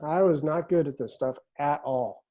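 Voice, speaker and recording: A middle-aged man, a hypnotist, talking casually in an interview and sliding into slow, hypnotic phrasing as he tells stories. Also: fairly high pitch. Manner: relaxed and storytelling, drops into slow hypnotic phrasing. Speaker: hypnotist explaining his method. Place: office in a big city.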